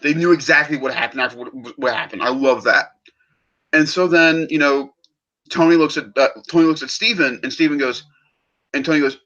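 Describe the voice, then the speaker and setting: A man's voice: on the high side, fairly quick, sharp tone, muffled recording. A man hosting a movie podcast, eagerly retelling film scenes in casual review chat.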